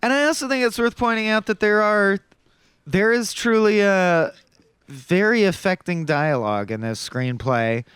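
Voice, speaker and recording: Young guy co-hosting a movie podcast, excited and swearing a lot, smooth clean voice. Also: high-pitched, normal speed, no echo. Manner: animated, swears freely, acts out movie quotes. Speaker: podcast co-host. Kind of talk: casual film discussion.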